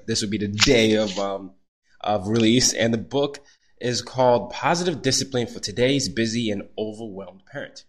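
A young adult man hosting a podcast interview, animated, laughing easily, with frequent fillers. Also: fairly low pitch. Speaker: podcast host.

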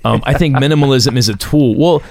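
A man's voice: mid-range voice, brisk, gravelly, darkish tone, no room sound. A man co-hosting a podcast in casual chat, often stopping and repeating words as he thinks. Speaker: podcast co-host.

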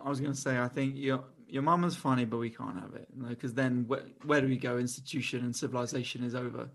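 A male comedian on a panel podcast, firing off deadpan jokes and mock outrage. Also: medium pitch, fast talker, creaky.

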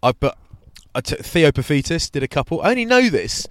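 A man, co-hosting a podcast and telling casual, animated anecdotes. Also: on the high side, fairly quick, no echo, clean studio sound. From England. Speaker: podcast co-host. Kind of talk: casual chat.

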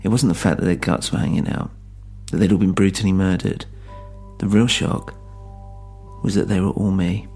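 A man narrating a first-person horror story in a grave, measured way. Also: sits low, fairly even intonation, a little mellow, breathy edge, soft background music.

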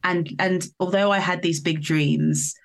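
A woman's voice: on the low side, fairly even intonation, measured pace, vocal fry. A woman from the countryside, a musician telling a story as a guest in a casual interview, rambling and laughing as she goes. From England.

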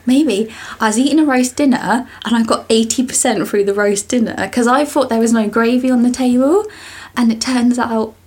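A woman's voice: fairly high pitch, moderate pace, hardly any pauses, a little mellow, slightly rough. A young woman co-hosting a podcast, telling rambling stories in casual chat and often giggling. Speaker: podcast co-host.

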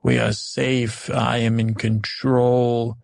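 A man's voice: mid-range voice, level tone, slow, vocal fry, darkish tone, no echo. A man playing a hot-tempered queen. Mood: commanding. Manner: commanding, regal declarations. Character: proud, hot-tempered adult woman queen.

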